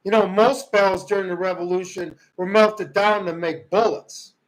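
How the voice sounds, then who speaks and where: A man hosting a livestream, ranting about politics in a heated way, swinging from loud outbursts to low muttering. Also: fairly even intonation, moderate pace, rough recording. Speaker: livestream host. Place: rural home.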